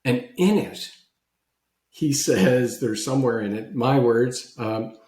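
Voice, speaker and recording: A man, a guest on a podcast, telling a personal story about gratitude with animated, lively swings in his voice. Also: takes it slowly, roomy sound. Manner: animated storyteller, voice leaping high when recalling his own past disbelief.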